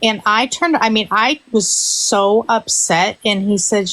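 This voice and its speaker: A woman's voice: medium pitch, slow, hardly any pauses, fairly bright tone, low-quality recording. A woman, a hairstylist, in casual live stream chat, telling a story in an earnest, emphatic way.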